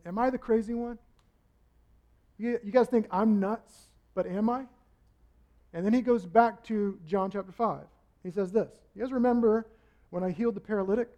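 Male pastor, high voice, animated preaching delivery that acts out the people he quotes. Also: highs cut off. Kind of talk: sermon.

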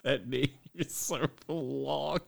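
A man's voice: medium pitch, takes it slowly, vocal fry. A man co-hosting a casual podcast, joking, swearing freely and laughing often. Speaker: podcast co-host.

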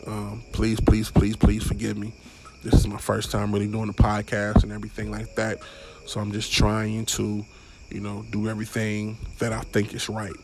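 A man's voice: on the low side, monotone, moderate pace, noisy background. A young man hosting a casual solo podcast, rambling and stumbling over his words with frequent swearing. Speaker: podcast host.

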